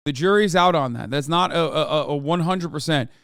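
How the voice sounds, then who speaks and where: A man's voice: on the high side, brisk, fairly bright tone, no echo, studio quality. A man hosting a live stream, ranting heatedly and profanely about politics and mocking his critics. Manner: mocking and combative toward chat.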